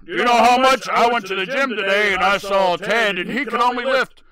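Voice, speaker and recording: A man doing a loud, bragging gym-bro. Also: sits high, fairly quick, over a noisy crowd, voice pushed up, lightly acted, poor audio. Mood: boastful. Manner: shouting, laughing at his own jokes. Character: loud boastful gym-bro boyfriend, obnoxious.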